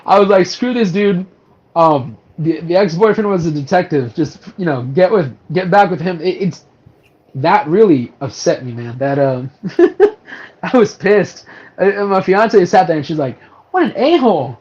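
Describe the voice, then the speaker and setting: A man's voice: on the high side, expressive, moderate pace, a little mellow, dull audio. A man co-hosting a casual movie review podcast, animatedly retelling scenes with acted-out quotes and lots of fillers. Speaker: podcast co-host.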